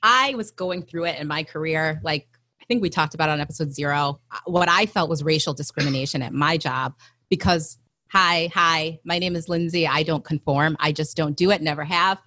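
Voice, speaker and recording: Low-voiced candid woman. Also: normal speed, bright, forceful tone, dry recording. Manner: candid, self-deprecating. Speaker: podcast co-host. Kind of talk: casual chat.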